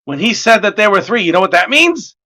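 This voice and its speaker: A man in his forties tells long, rambling stories in casual chat, swearing freely. His voice sits high and jumps around a lot, with a bright, forceful edge. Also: a little fast. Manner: animated, rambling, profane storyteller. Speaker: artist streaming his work.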